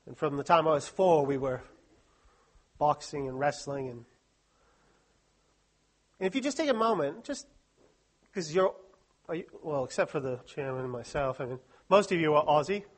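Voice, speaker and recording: A man's voice: a little high, expressive, moderate pace, long pauses. A man giving a humorous, self-deprecating talk to a live audience at a Christian study week. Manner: joking, self-deprecating, chatty asides.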